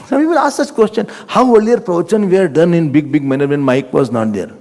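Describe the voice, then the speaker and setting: Indian accent guy preaching, tells stories and chuckles a lot, pitchy and echoey, like a big hall. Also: moderate pace. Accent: Indian English. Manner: animated, chuckling storyteller, quotes scripture. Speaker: spiritual teacher. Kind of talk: storytelling religious discourse. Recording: reverberant lecture hall.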